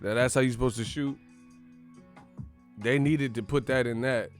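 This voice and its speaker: A man hosting a boxing channel in casual, playful banter full of slang, often breaking into loud yelled movie catchphrases. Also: mid-range voice, fairly even intonation, normal speed, soft background music.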